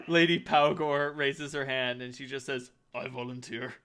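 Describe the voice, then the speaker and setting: A man running a tabletop game as game master, talking haltingly with many fillers and restarts, breaking into high shrill voices for the characters. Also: steady tone, pushed and bright, clear, resonant tone.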